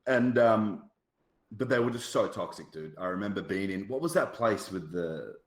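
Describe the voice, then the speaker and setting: Deep-voiced man telling a story. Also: expressive, normal speed. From Australia. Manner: rambling, with many fillers and asides. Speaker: podcast guest. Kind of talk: casual storytelling chat. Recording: roomy echo.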